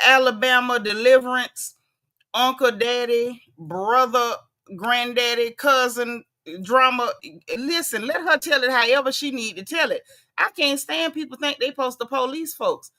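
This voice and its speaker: A woman hosting a reaction video, talking straight to her viewers in a sassy, animated way. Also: a little high. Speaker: host reacting to clips. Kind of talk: casual reaction commentary.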